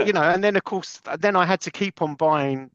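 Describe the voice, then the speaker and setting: A man on a podcast reminiscing in casual chat, lively and laughing often. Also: sits high, fairly quick, no room sound, highs cut off. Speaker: podcast regular.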